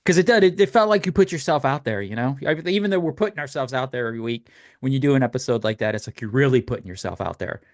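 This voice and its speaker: A man co-hosting a casual podcast chat, animated and quick to laugh, tripping over his words now and then. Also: mid-range voice, dry recording, clean studio sound. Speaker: podcast co-host.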